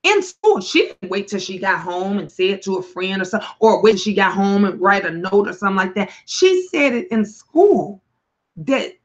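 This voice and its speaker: A woman hosting a talk stream and reading viewers' comments, speaking emphatically and bluntly with sudden loud rises and some swearing. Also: medium pitch, lively intonation, moderate pace, lo-fi sound.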